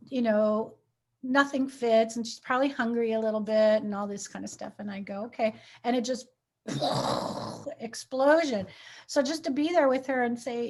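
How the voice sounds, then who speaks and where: High-pitched woman chatting, doing little voices in her stories, laughs a lot. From United States. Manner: animated storyteller, acting out voices and laughing often. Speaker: preschool teacher and hypnotherapist. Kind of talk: casual chat.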